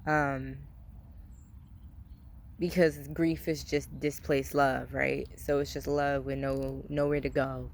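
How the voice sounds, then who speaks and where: A young adult woman vlogs casually to her camera in a low-pitched voice with fairly even intonation, taking it slowly. Open and confiding, she rambles with many fillers and curses freely over slight background noise.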